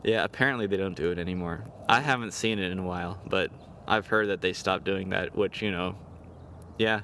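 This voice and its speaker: A man's voice: deep voice, fairly quick, sharp tone, slight background noise. A young American man chatting casually on a podcast, rambling and joking in a laid-back way. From United States.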